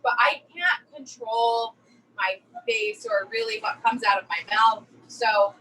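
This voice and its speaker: A woman chef from New Jersey in her thirties, telling a story in a chatty, animated way during a virtual cooking class. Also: fairly high pitch, slow pace, distant mic, a little hiss or hum, low-quality recording.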